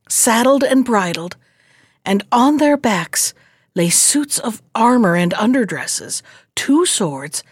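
Animated woman librarian telling a story. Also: a little high, husky, no room sound, studio quality. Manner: expressive, animated. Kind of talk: storytelling read-aloud.

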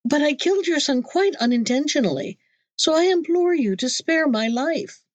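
A woman reading a storybook, voicing a terrified merchant who pleads for his life in a higher, trembling voice. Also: brisk, fairly bright tone, no room sound, lo-fi sound. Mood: pleading. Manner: trembling, pleading, raised pitch.

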